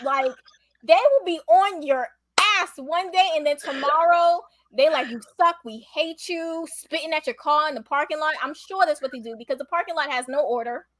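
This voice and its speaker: Exasperated woman cohost going off about wrestling, blunt, high voice. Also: moderate pace, no room sound. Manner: blunt, exasperated, sharp retorts. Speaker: co-host of a wrestling aftershow. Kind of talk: casual opinionated chat.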